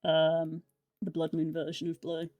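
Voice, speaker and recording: Excitable woman rambling on a stream. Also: deep voice, measured pace, dry recording. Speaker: livestreamer. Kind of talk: casual chat on a live art stream. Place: room at home.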